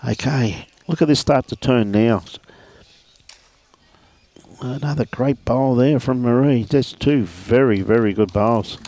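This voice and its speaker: Gravelly man commentating bowls. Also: medium pitch, unhurried, dark tone. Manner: laid-back, chatty, jokey, calls players mate. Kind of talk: lawn bowls commentary, casual banter.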